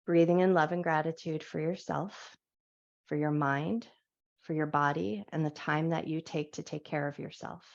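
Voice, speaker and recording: A woman teaching a live yoga class on a clip-on mic, giving soft, soothing guided cues. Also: low voice, steady tone, normal speed, creaky. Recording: dull lo-fi live class audio.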